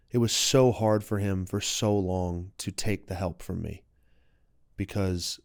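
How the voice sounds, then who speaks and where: A podcast guest in his late twenties tells a personal story openly and heartfeltly, in a reflective mood. His smooth, clear voice sits a little low and is slightly mellow. The sound is dry and close, like a studio mic with no room sound.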